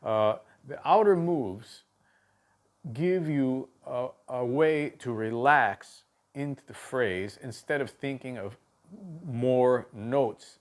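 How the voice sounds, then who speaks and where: A man teaching a drum lesson on video, talking in a halting way with many fillers and counting the strokes aloud. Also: medium pitch. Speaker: drum instructor.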